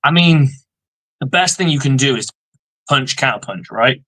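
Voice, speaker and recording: A man's voice: mid-range voice, expressive, moderate pace, a bit bright, rough recording. A man co-hosting a live sports fan stream, giving profane, fired-up football analysis. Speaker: co-host of a sports fan show.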